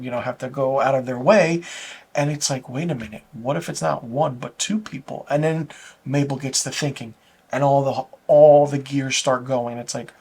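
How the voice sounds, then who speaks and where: Man rambling through a show recap. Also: a little high. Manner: rambling, loose retelling with restarts and chuckles. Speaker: TV episode reviewer. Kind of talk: casual plot recap.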